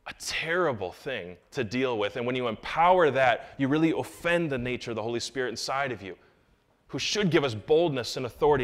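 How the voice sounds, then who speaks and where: A man in a mid-range voice preaches as pastor in an animated style. Jokey remarks to the congregation mix with hushed asides and passages where his voice rises loudly.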